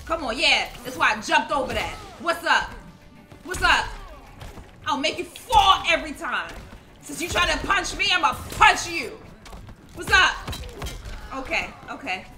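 A woman narrates her video game match in excitable, casual commentary, trash-talking her opponent and repeating herself. Her voice is high and very bright, and it swings widely in pitch. Faint game music plays under her. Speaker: gaming streamer.

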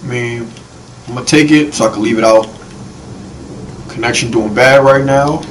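A young man giving casual, slangy let's-play commentary, reacting to the game with quick excited exclamations. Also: medium pitch, distant mic, low-quality recording. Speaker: gaming channel host. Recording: voice a bit off-mic with faint noise.

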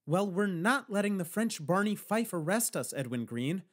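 A woman's voice: very animated, moderate pace. A man reading an audiobook, voicing a brash, reckless young woman who orders people around. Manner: pushy, bossy, higher and louder.

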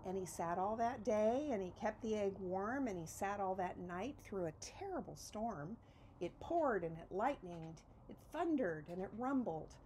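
A woman reading a children's picture book aloud in an expressive, storytelling way. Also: medium pitch, measured pace, slight background noise, poor audio. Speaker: reader.

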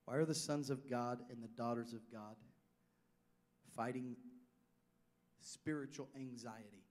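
A pastor preaching a sermon, swinging from loud declarations down to hushed asides. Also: male voice, medium pitch, steady tone, a little slow.

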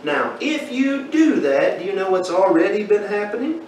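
Man, Bible class teaching, folksy questioning, boomy room echo, faint noise. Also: sing-song, normal speed, darkish tone, distant mic.

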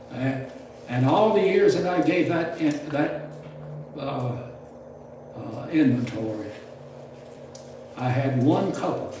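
Older preacher, folksy and roomy. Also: male voice, medium pitch, noisy background. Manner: folksy, rambling, with restarts and chuckles. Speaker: preacher teaching a preaching class. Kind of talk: folksy classroom sermon. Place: church classroom. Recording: roomy, distant mic with faint ambience.

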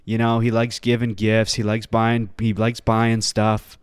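A man's voice: fairly low pitch, monotone, a little slow, clear, resonant tone, no room sound, studio quality. A man hosting a solo podcast, talking casually over clips, sarcastic and rambling, with playful mock-earnest asides. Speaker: podcast host.

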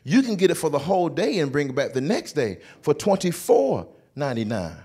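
A man's voice: on the high side, big pitch swings, a little fast, dark tone, slightly rough. An insistent store clerk lady, put on by a man. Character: fussing store clerk woman.

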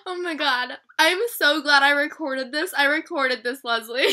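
Teen girl, high-pitched and bright, gushing casual vlog talker. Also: measured pace. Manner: gushing, peppered with "like" and "oh my god". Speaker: vlogger pulling a prank call. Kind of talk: casual phone chat.

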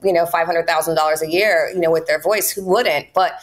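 A woman voice-over actress from the Caribbean, talking casually as an interview guest with a lively, animated manner. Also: on the low side, a little fast. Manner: lively, animated, acts out quotes in put-on voices. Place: Miami.

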